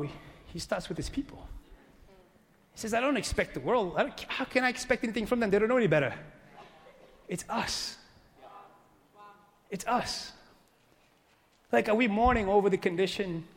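A man preaching a sermon as pastor, swinging from loud exhortation to hushed, earnest pleading. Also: sits high, expressive, moderate pace, pauses often, big-room sound. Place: church sanctuary.

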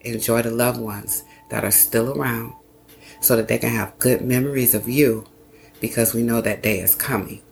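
A man talks straight to his listeners in an earnest, encouraging self-help monologue, often repeating phrases and slowing down to stress them. His voice has a gravelly, fry-laden edge at a mid pitch. Faint music plays underneath. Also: steady tone. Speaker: podcast host.

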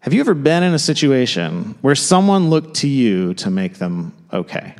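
A man preaching a sermon in a casual, conversational way, with quick asides and restarts. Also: medium pitch, very animated, big-room sound. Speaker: pastor. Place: church sanctuary.

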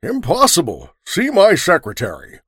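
A man's voice: fairly high pitch, wildly swooping pitch, moderate pace, a bit bright, slightly rough, no echo, clean studio sound, pitched above the performer's own voice, exaggerated voice. A man voicing a brusque, impatient male executive in a dramatic story reading, with clipped, curt speech.

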